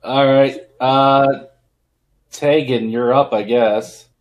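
A man running a tabletop game as game master, talking in halting bursts full of fillers. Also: mid-range voice, steady tone, lo-fi sound.

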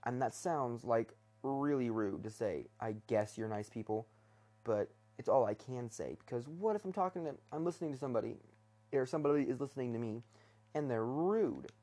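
A young man talks alone from his bed, feeling his way through a rambling monologue. He restarts his sentences, fills pauses with ums, and sounds self-conscious. His pitch sits in a middle range. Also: lively intonation, warm tone. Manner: hesitant, many fillers and restarts, self-conscious. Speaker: podcast host. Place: bedroom.

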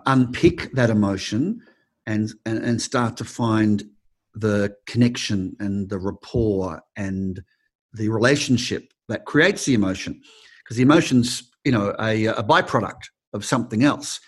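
A middle-aged Australian man with an Australian accent, an acting teacher answering interview questions, telling stories expressively with frequent restarts. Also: lowish voice. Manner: expressive, acts out quoted people, frequent restarts.

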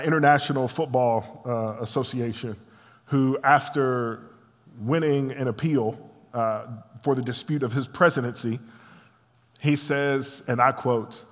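A man preaching a sermon in a church, dramatic, acting out voices and swinging from loud to hushed. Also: mid-range voice. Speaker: pastor. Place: church sanctuary. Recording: long reverb of a large hall.

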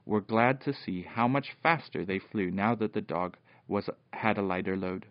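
A father reading a children's storybook aloud at bedtime, animated, with occasional slips and restarts. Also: on the low side, moderate pace, no room sound. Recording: dull, dry lo-fi home recording.

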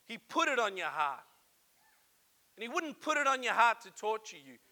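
An emotional pastor preaching a sermon in church, moving from hushed, confiding talk to loud, fervent calls. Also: male voice, very high voice, sing-song, moderate pace. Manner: emotional, swings from hushed to shouting.

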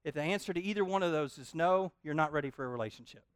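A man preaching a sermon in an animated, joking way, often repeating his words. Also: on the high side, very fast, clean tone, dry recording, studio quality. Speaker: pastor.

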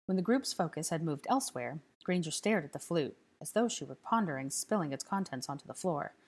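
A woman reading a story aloud as narrator, calm and even. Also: sits low, fairly quick. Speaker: audiobook reader. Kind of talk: scripted narration.

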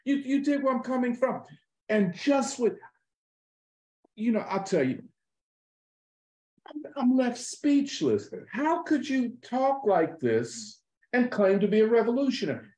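Emphatic man with a high, roomy voice. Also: measured pace, pauses often. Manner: animated, emphatic, profane street slang. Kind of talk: political conversation.

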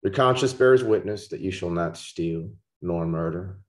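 A man preaching a podcast sermon, slow and emphatic, repeating key words for stress. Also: low voice. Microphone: podcast microphone.

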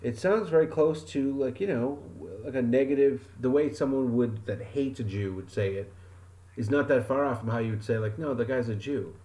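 A man's voice: mid-range voice, moderate pace, warm tone. A man from Wyoming co-hosting a casual podcast, speaking bluntly with wry exaggeration. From Wyoming, USA. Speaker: podcast co-host.

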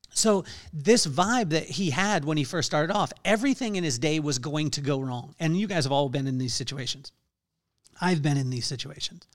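A middle-aged man hosting his podcast, telling an unscripted motivational story in an earnest way, halting often with fillers. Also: on the high side, expressive. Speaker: podcast host.

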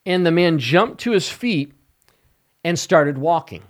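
A man preaching as an evangelist on a podcast, slow and emphatic, stressing key words. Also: fairly high pitch, animated. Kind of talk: podcast sermon.

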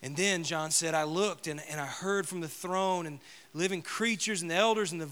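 A male pastor preaching a sermon, telling a story and swinging from loud proclamation to a hushed whisper. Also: fairly high pitch, normal speed, smooth.

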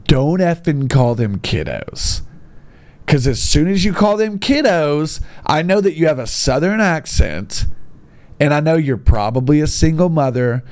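Sarcastic, animated man ranting. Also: a little high, measured pace. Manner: exasperated, mocking, mild bleeped-style cursing. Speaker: comedic commentator reading online posts. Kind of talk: sarcastic comedic commentary.

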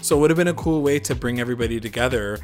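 A man's voice: mid-range voice, racing, soft background music. A man co-hosting a casual TV recap podcast, loose and chatty with many fillers and some swearing. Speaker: podcast co-host.

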